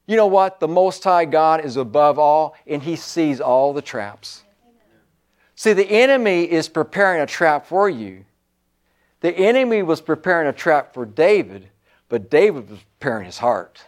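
Fervent high-voiced male preacher. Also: lively intonation, moderate pace. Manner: fervent, repetitive exhortation, swinging from loud to low. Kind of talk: sermon.

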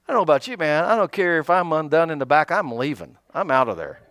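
A man pastor preaching a sermon, animated, calling out to his congregation and acting out little asides. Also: a little high, quick pace, few pauses, no room sound.

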